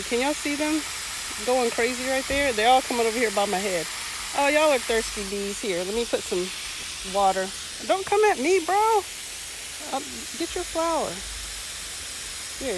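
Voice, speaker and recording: A woman's voice: on the high side, animated, moderate pace, noisy background. A woman giving a casual livestream tour of a community garden, chatting and laughing with viewers in the comments, recorded outdoors on a hand-held phone. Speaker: vlogger. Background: water hose spraying.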